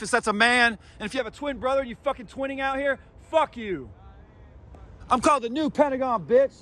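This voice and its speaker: A man filming his own vlog outdoors on a city street, ranting at someone in a profane, confrontational way. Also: very high-pitched. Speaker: vlogger. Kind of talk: angry street rant.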